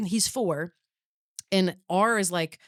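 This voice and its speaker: A woman's voice: on the low side, slow, no echo, studio quality. A woman in her thirties from Wisconsin, hosting a casual chat, with a faint Upper Midwest accent and a chatty, storytelling way of talking. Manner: chatty, storytelling, many fillers and restarts. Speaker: podcast host.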